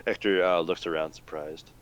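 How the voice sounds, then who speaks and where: A man playing a tabletop game talks through his character's actions. He thinks aloud and hesitates often. His voice sits low. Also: fairly even intonation, measured pace. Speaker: player. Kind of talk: tabletop game play, casual chat.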